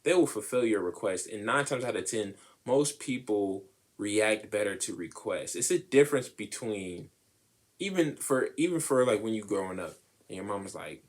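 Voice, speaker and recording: Young man, podcast co-host, lowish voice, casual slangy relationship talk, animated. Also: normal speed.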